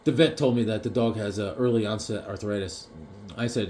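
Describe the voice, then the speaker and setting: A man chatting casually about comic books, jokey and animated, now and then acting out the characters. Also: on the low side, moderate pace, slight background noise. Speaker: comic collector vlogger. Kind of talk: casual chat.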